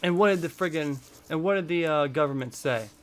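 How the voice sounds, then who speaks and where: A man from the United States vlogs in a heated, profane rant, hammering the same points again and again. His voice sits a little high for a man. A faint hiss of noise runs underneath. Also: a little fast. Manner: heated, profane, repetitive ranting. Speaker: vlogger. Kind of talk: angry political rant.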